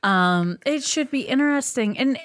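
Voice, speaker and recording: A woman's voice: high voice, animated, normal speed, no echo, studio quality. A woman co-hosting a podcast in casual chat, wry and matter-of-fact. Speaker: podcast co-host.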